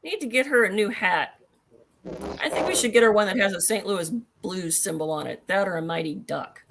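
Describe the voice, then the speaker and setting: A woman on a video call in a casual live-stream chat, worn out and starting a sore throat, making flat, weary asides. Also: medium pitch, fairly quick, creaky, noisy background.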